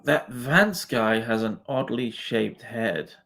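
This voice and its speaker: A man's voice: mid-range voice, lively intonation, slow, few pauses, a bit bright. A man hosting a live stream, reacting to chat comments in a casual, swearing, laughing way. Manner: swears freely, laughs often, talks to comments.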